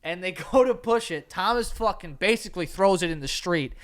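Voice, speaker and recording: Podcast co-host, young adult male, slightly high voice, lively storyteller who laughs a lot. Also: fairly quick, smooth. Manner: animated storyteller, laughs often, acts out voices. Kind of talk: casual storytelling chat.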